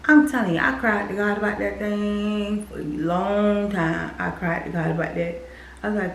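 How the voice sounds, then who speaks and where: A woman's voice: mid-range voice, fairly even intonation, measured pace, creaky, reverberant, slight background noise, rough recording. A woman casually sharing a personal faith testimony, speaking straight to her viewers and repeating phrases for emphasis. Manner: speaks directly to viewers as "y'all".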